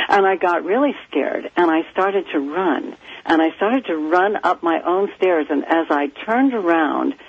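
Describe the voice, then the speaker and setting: Raspy, gravelly woman guest; animated storyteller, muffled phone line. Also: sits low, no room sound. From California, USA. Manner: animated, lively storyteller who acts out quoted voices. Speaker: psychic guest. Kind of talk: storytelling in a phone-in radio interview. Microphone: telephone.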